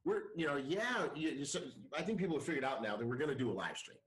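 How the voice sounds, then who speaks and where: A man hosting a podcast, giving a lively pep talk with frequent repeats and restarts. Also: fairly high pitch, quick pace, reverberant, low-quality recording. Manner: energetic, repeats himself, pep-talk style. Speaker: podcast host. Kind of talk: casual chat.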